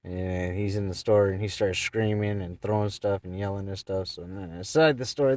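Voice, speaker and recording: A man's voice: low-pitched, steady tone, moderate pace, hardly any pauses, darkish tone, dry recording, distant mic. A man in a casual vlog, telling a rambling, profane story and acting out the people he quotes. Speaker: vlogger. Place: in his car.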